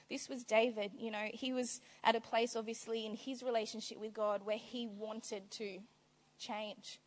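A woman with a fairly high voice delivers a lively sermon, breaking into laughter and playful acted-out voices. Her words ring out with a long reverb, as if recorded in a large hall. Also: normal speed. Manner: animated, laughing, acts out quotes. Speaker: preacher.

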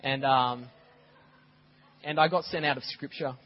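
A man preaching a sermon as a pastor, telling stories in a lively way and acting out scenes. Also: mid-range voice, a little slow, highs cut off. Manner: animated storytelling, acts out scenes. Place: church.

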